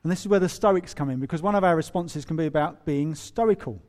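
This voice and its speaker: High-voiced preacher, animated and joking. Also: male voice, a little fast. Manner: humorous, animated, acts out quoted voices. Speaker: pastor. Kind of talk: sermon.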